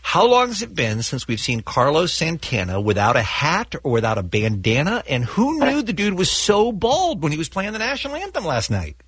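Man, radio host, lively pitch, husky tone, radio sound. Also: no echo. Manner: lively, quick questions and plugs. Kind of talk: morning radio talk show.

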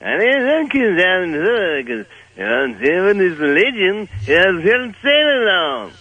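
A man's voice: sits high, big pitch swings, moderate pace, sharp tone, no echo, lo-fi sound, heavily acted. A man impersonating an aging rock singer on a phone bit, speaking in a slurred, mumbled drawl. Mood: mumbling. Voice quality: slurred, mumbled, hard to understand. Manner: drawling, terse replies. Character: mumbling aging male rock legend impression. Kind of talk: comedy radio phone bit.

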